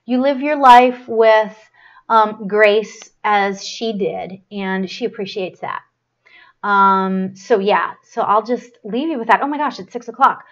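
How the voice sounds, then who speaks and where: A woman hosting a live spiritual stream, giving a psychic reading in a rambling, halting way with many fillers and restarts, and a gushing, affectionate tone. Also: medium pitch, muffled recording. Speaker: medium hosting a live show.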